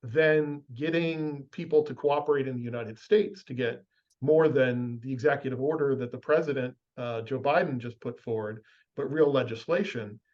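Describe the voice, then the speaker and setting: A man on a discussion panel lays out his views in an even, explanatory way. His voice comes through a somewhat muffled, lo-fi recording. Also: medium pitch, moderate pace. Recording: muffled lo-fi audio.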